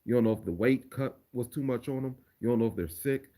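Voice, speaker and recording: A livestreamer and remix producer answers viewer questions on a casual stream, laid-back and profane, often repeating words while he thinks. His mid-range voice is mellow and fast.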